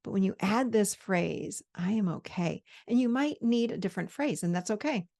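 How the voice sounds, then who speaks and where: A woman in her fifties giving a conversational coaching talk on handling triggers, slowing down to model calm self-talk. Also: medium pitch, creaky. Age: 50s. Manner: conversational, with quoted inner dialogue. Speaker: host.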